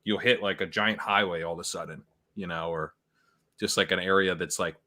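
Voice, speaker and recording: A man's voice: sits low, steady tone, fairly quick, pushed and bright. A young man hosting a live stream, chatting casually and rambling with lots of fillers. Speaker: fantasy football podcast host.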